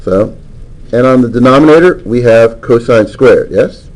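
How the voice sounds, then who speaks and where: A man's voice: mid-range voice, moderate pace, a little mellow, poor audio. A man teaching a math class, lecturing and coaxing answers from students with frequent questions.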